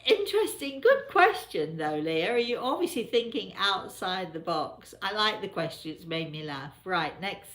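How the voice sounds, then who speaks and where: A woman's voice: on the low side, animated, measured pace, few pauses, a bit bright, reverberant. A woman with an English accent, hosting a casual live chat and laughing often. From England. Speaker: host.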